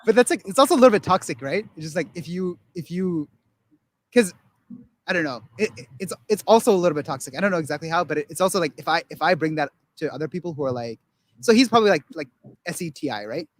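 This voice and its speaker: A man's voice: fairly high pitch, expressive, fast, slight background noise. A man talking casually on a podcast, rambling with many restarts and acting out quotes of other people. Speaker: guest.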